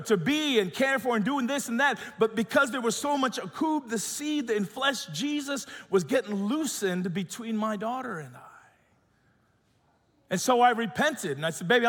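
A middle-aged man preaching a sermon, telling a personal story in an animated way, acting out quotes and going soft and quiet in tender moments. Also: very high voice, big-room sound. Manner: animated storytelling, acts out quotes, drops to soft tones when emotional. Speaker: pastor.

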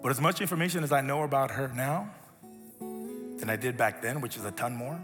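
A man giving a storytelling sermon as a pastor, animated, acting out voices and sinking to a soft hush. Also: medium pitch, fairly quick. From grew up as an immigrant. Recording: reverberant hall with faint music.

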